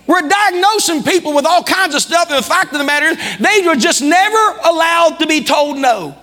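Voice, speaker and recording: A man preaching a sermon as pastor, with fiery delivery that rises to shouts. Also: very high voice, lively intonation, moderate pace, big-room sound. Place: church hall.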